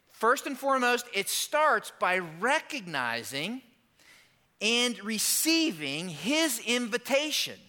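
A man delivers an animated sermon in a high, bright voice. He stresses his points hard and breaks into quick asides. A long hall reverb trails each phrase. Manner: emphatic, animated preaching with quoted lines and asides. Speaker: pastor.

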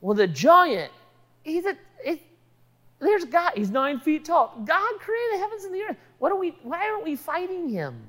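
A woman's voice: mid-range voice, animated, takes it slowly, fairly bright tone, big-room sound. A woman voicing a bold young shepherd hero who fires off urgent, indignant questions. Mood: incredulous.

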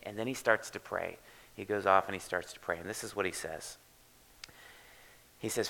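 A man pastor preaching a sermon in church, talking in a loose, conversational way that drops to hushed, soft stretches. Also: low-pitched, fairly even intonation, moderate pace, vocal fry, pauses often, rough recording.

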